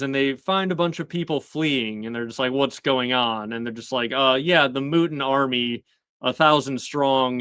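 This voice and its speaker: A man talks through a TV episode in casual, rambling chat, leaning on fillers and jumping into little acted-out quotes. His voice is bright and smooth, and it sits close and dry with no room around it. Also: no room sound. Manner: rambling, many fillers, acts out quoted lines with shifting pitch. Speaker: host recapping a TV episode.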